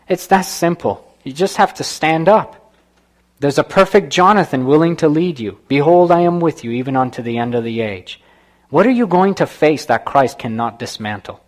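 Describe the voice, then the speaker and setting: Higher-voiced man preaching a story sermon. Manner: lively retelling with rhetorical "right?" asides.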